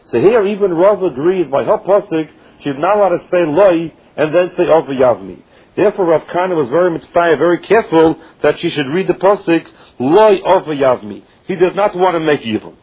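A man a slightly raised, husky voice leads a class in a cadence. He works through the text line by line, dropping Hebrew and Aramaic terms in as he goes. The sound is dull and muffled, like a lo-fi radio recording. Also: on the high side. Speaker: Talmud teacher. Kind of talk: Talmud study class.

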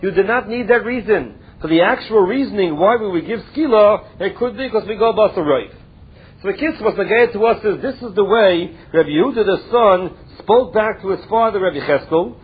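A man's voice: high voice, husky. A man teaching a Talmud study lesson, reading Hebrew and Aramaic phrases and explaining each in plain English. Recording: tinny phone-like audio.

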